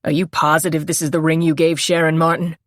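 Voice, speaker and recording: A woman's voice: low voice, flat delivery, quick pace, no echo, studio quality. A woman narrator voicing a male detective who speaks in a clipped, scornful way. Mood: curt.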